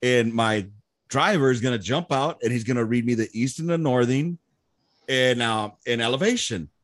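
A man in his thirties, an army veteran, telling war stories in casual chat, profane, animated and boastful. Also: mid-range voice, moderate pace, dry recording, clean studio sound.

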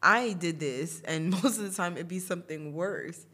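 Young woman on a podcast, kinda low voice, chatty, laughs a lot, lots of likes and you knows. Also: moderate pace, bright, forceful tone, slightly rough. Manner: chatty, laughs often, many fillers. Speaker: podcast host. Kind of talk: casual storytelling.

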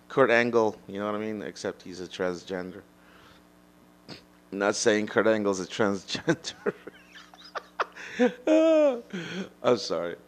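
A man giving a solo opinion monologue, rambling and blunt, with profanity and frequent restarts. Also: fairly low pitch. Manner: mocks imagined critics in a raised mocking voice. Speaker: podcast host.

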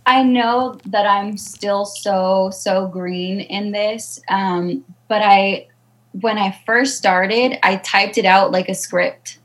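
Speaking slowly with fairly even intonation and a medium pitch, this Southern Californian comedian fields an interviewer's questions, chatty, self-deprecating, and packed with fillers. The audio quality is poor.

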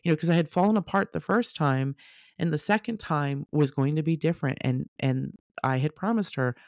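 A woman telling a personal story casually, animated, acting out the people she quotes. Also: sits low, fairly quick, dry recording, studio quality. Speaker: storyteller sharing a personal testimony.

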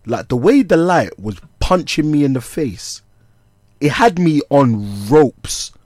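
A young man, co-hosting a comedy podcast and telling a story in animated slang, laughing as he goes. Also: a little high, takes it slowly, no room sound, clean studio sound. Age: young adult. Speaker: podcast co-host.

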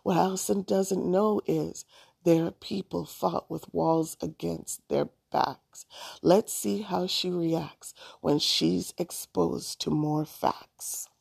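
A woman narrating a storybook aloud in a plain, steady reading voice. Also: lowish voice, slow pace, creaky, breathy edge, dry recording, clean studio sound.

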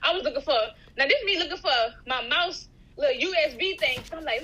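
A woman co-hosting a casual faith podcast, telling animated stories, acting out dialogue and laughing often. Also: high voice, quick pace. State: out of breath at times. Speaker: podcast co-host.

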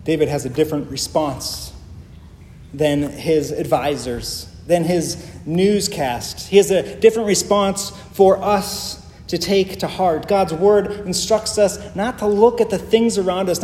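High-voiced man preaching in an echoey hall. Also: a little mellow, a little hiss or hum. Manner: earnest, emphatic preaching with pauses. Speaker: pastor. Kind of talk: sermon. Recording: echoey hall with faint ambience.

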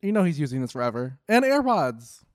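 A man's voice: a little high, very animated, dry recording. Sarcastic young man reacting, close and dry. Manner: sarcastic, swearing, quick jokey asides. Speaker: reaction video commentator. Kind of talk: casual reaction commentary.

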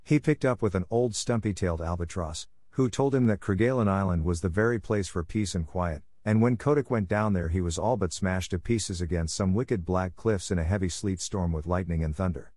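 A man with a fairly low voice reads a classic animal story aloud. His delivery is measured and clear, suited to listeners learning English. The recording is dry and close, with no room echo. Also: darkish tone. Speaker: audiobook reader. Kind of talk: scripted storybook narration.

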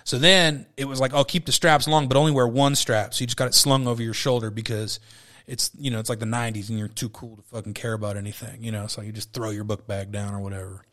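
A man's voice: on the low side, fairly even intonation, fast, bright, forceful tone. Rambling, profane man hosting a podcast. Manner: rambling, profane, with frequent fillers. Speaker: podcast host. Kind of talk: casual movie review chat.

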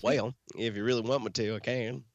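A man co-hosting a casual podcast chat, mostly giving short agreeing replies and quick asides. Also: medium pitch, fairly even intonation, lo-fi sound. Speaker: podcast co-host.

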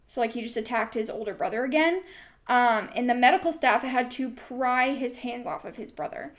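Chatty woman, slightly high voice. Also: normal speed. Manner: rambling, full of "like" and "um". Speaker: podcast host. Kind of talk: casual storytelling chat.

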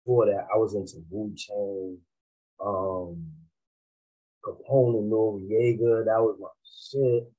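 A man's voice: on the low side, steady tone, slow, warm tone, dull audio. A man from Massachusetts, a rapper guest, telling laid-back, slangy stories in a casual interview and laughing often.

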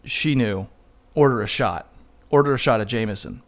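A man's voice: medium pitch, lively intonation, moderate pace. Laid-back man telling a story. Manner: storytelling, laughs often, trailing off quietly. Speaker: podcast co-host. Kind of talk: casual chat.

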